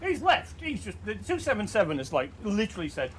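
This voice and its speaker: A man giving casual, sweary, excitable commentary over his own tank gameplay. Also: high-pitched, brisk, a little hiss or hum. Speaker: gaming commentator.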